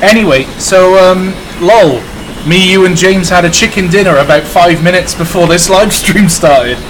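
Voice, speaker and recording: Man from wales, livestream host, jokey chat, slightly high voice, noisy background. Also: normal speed. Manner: jokey, chatty, commentating on the game. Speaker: livestream host playing a train simulator. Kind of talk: casual gaming chat.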